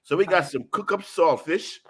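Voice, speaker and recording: A man hosting a casual food chat, hyped and talkative, full of "you know" and "boom". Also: moderate pace, husky. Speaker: show host. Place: South Florida.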